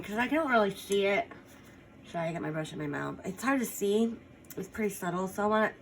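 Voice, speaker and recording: A woman giving a casual painting tutorial, chatting along as she works and adding small apologetic asides. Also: mid-range voice. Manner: chatty, talks while working, apologetic asides. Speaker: painting instructor.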